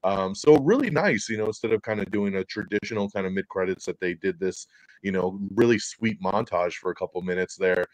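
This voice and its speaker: A man's voice: low voice, fairly quick, no room sound. A man hosting a casual podcast chat about movies, talking animatedly with frequent fillers and laughs. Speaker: podcast host.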